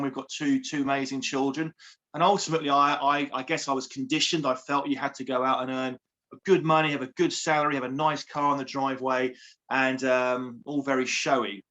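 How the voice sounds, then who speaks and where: A man's voice: medium pitch, fairly bright tone. A man, a coach and author talking about himself in an upbeat, effusive interview manner. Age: 40s. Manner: effusive, repeats words, friendly and chatty. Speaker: guest, empowerment coach and author.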